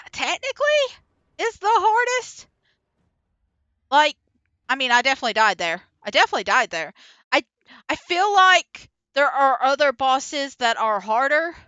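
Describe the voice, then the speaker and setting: A woman streamer rambling through casual gameplay commentary in an excitable, laughing way, voiceover added after the stream. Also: a little high, clean tone, dry recording. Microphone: voiceover recorded after the stream.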